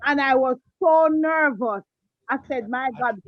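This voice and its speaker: A woman speaks warmly, calling people darling and honey over a video call. Her voice is high, and the audio is dull and dry. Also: a little slow, dry recording. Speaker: guest. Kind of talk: casual video call chat.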